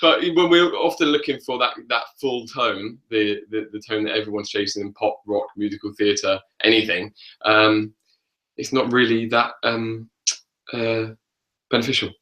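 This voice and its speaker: A man's voice: on the low side, fairly even intonation, moderate pace, bright, forceful tone, poor audio. A man, a vocal coach, talking casually on a webinar in an easygoing, encouraging way. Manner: easygoing, encouraging, hesitant fillers.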